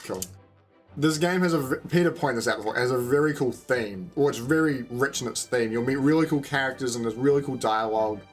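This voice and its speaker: A man's voice: mid-range voice, fairly quick, faint music behind. A man with a New Zealand accent hosting a game video, chatting casually and explaining as he goes. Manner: upbeat, rambling, explaining as he goes. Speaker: let's play host.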